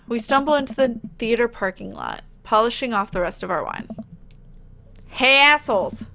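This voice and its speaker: A woman's voice: fairly high pitch, lively intonation, normal speed, creaky. A woman streamer reading a dating game's narration aloud with playful, jokey asides. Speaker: game streamer. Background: game music.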